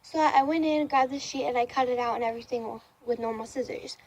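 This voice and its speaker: A woman's voice: fairly high pitch, quick pace, a little hiss or hum, low-quality recording. A young woman telling a casual storytime on her vlog, rambling with lots of ums, likes and restarts. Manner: rambling, many fillers and restarts. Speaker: vlogger. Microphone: camera facing speaker.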